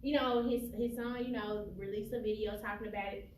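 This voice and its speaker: Measured woman talk show host. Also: on the high side, fairly even intonation. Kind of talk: casual talk show chat. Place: TV studio. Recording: echoey studio, mic at a distance, faint noise.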